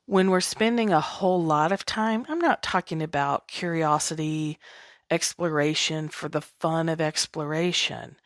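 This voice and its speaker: A woman's voice: sits low, measured pace, dry recording, studio quality. A woman from the American South hosting her podcast, talking in a chatty, candid, self-deprecating way. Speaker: podcast host. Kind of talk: casual spiritual monologue.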